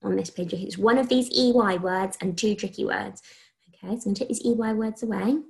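Creaky-voiced woman teaching children phonics. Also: mid-range voice. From England. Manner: slow, clearly sounded dictation with encouraging praise. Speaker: primary school teacher. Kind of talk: recorded phonics lesson for young children.

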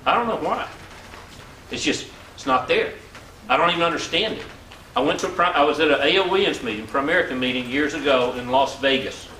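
A man's voice: medium pitch, fast, bright, forceful tone. Earnest older man speaking in an echoey hall. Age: 60s. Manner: earnest storyteller who repeats words for emphasis. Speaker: seminar speaker. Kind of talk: motivational business seminar talk. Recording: echoey hall, mic far off, faint ambient noise.

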